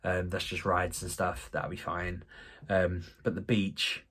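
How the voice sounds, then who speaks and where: Rambling man, low voice. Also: level tone, measured pace, fairly bright tone, slightly rough. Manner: rambling, self-deprecating, frequent ums and restarts. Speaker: vlogger. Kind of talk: casual vlog talk to camera.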